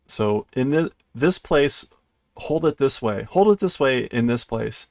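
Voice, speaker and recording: This man, reading through a manga on a live stream from his computer at home, translates as he goes and muses aloud, tripping up and fixing his mistakes with a soft laugh. His medium-pitched voice is expressive and measured, captured in clean studio quality with no room sound.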